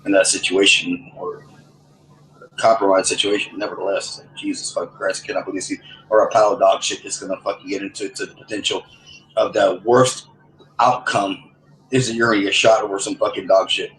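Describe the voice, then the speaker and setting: A man's voice: low voice, flat delivery, fairly quick, fairly bright tone. A man telling an angry, profane story in casual chat, stammering and restarting as he goes. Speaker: gamer in a voice lobby. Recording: echoey room, faint background noise.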